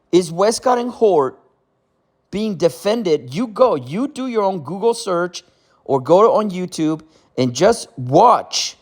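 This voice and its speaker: Indignant male channel host, slow, high-ish voice, ranting. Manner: indignant, repetitive, frequent "okay?". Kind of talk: ranting commentary.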